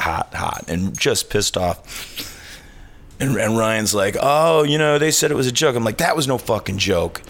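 Male podcast host, lower register, lively anecdotal delivery with profanity. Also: vocal fry. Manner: animated storyteller, swears freely, acts out quotes. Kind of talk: casual storytelling chat.

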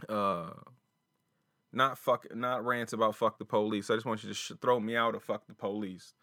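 A man's voice: on the low side, steady tone, moderate pace, pushed and bright, no echo, studio quality. Profane, rambling male podcast host. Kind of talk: casual solo podcast talk. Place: small closet home studio.

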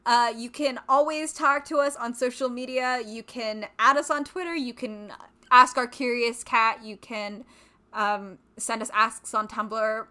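A young woman co-hosting a podcast in loose, rambling chat, often breaking into giggles. Her voice sits high and sounds bright and crisp. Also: steady tone, measured pace. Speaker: podcast co-host.

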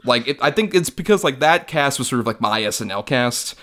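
A man's voice: mid-range voice, animated, a little fast, sharp tone. A young man co-hosting a film review podcast, chatting casually with lots of filler words and the odd swear. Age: young adult. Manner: rambling, many filler likes, swears casually. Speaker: podcast co-host.

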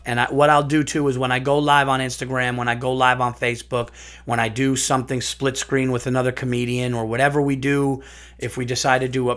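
A man hosting a comedy podcast, telling family stories in a rambling, animated way with some profanity. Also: medium pitch. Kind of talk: casual comic monologue.

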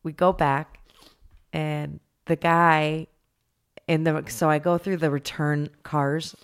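A woman's voice: low-pitched, flat delivery, slow, clear, resonant tone. A woman casually telling a rambling, self-deprecating story to a friend.

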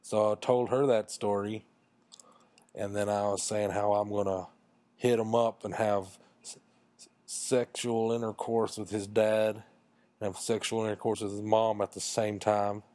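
A man's voice: on the low side, flat delivery, unhurried, a little mellow, dry recording. A man casually telling a crude, self-mocking comic story in a rambling way.

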